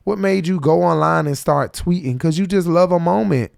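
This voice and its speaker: A man's voice: a little high, moderate pace, gravelly, background noise. A man hosting a reaction show, ranting bluntly and profanely about a reality episode. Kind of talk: casual reaction commentary.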